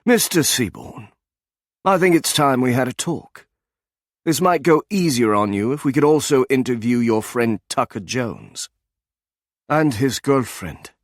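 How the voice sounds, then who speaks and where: Guy putting on a german-accented agent, soft and chilling, higher than his own voice, dry close sound. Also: lively intonation, a little slow, no echo, lightly acted. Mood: menacing. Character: stern soft-spoken German intelligence officer man.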